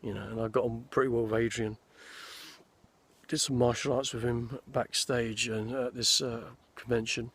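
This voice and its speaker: The voice is a man's, medium in pitch, delivered flatly at normal speed, somewhat bright and husky. He's an actor in his sixties, standing in a forest and spinning rambling, restart-filled anecdotes about his movie career in a relaxed way.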